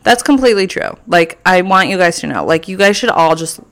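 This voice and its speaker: Young female podcaster, solo casual chat, petty and playful, sits a little low in pitch. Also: expressive, a little fast, vocal fry, a bit bright. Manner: chatty, playfully petty, lots of filler "like". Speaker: podcast host.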